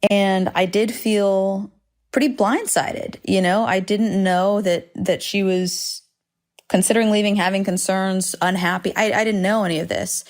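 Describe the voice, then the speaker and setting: A woman's voice: mid-range voice, fairly even intonation, a little slow. A woman hosting a solo podcast from home, talking candidly and rambling with frequent swearing and self-deprecating asides. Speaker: podcast host. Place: home, indoors.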